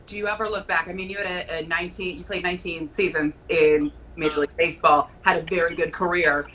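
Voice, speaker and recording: A woman's voice: fairly low pitch, steady tone, fast, fairly bright tone, slight background noise, low-quality recording. A woman hosting a casual live-stream interview, asking long conversational questions over a video call. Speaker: host, sports reporter.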